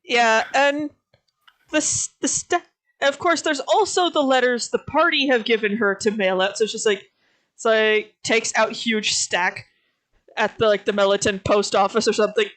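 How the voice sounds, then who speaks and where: A woman chats casually about her tabletop game character in a slightly high voice. She tells the story with animation and acts scenes out as she goes. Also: normal speed, fairly bright tone. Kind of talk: casual chat.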